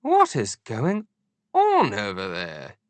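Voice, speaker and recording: A man's voice: on the low side, huge pitch swings, slow, no room sound, exaggerated voice. A man voicing an elderly, fussy Queen of England in an audiobook, with a prim, fluttery upper-class manner. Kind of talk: audiobook character voice.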